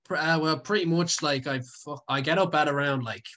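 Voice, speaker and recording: The speaker is a young adult man, a content creator appearing as a guest, with a fairly high, bright, forceful voice and a brisk pace. His storytelling is casual and rambling, loaded with fillers and swearing, broken by frequent laughter.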